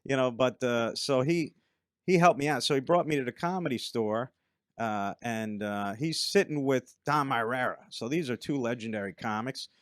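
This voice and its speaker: A man who is a comedian guest on a podcast, telling stand-up stories in a relaxed way and laughing along. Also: mid-range voice, moderate pace, clean tone, dry recording, studio quality. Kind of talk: casual storytelling chat.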